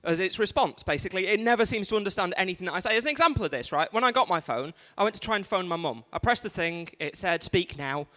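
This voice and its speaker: A man's voice: high-pitched, expressive, fast talker, hardly any pauses, pushed and bright. Chatty man compering in a hall. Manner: rambling, chatty, restarts and asides to the crowd. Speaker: event host and compere. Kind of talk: live stand-up compering. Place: large museum event hall. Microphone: stage microphone. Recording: reverberant hall on live stream.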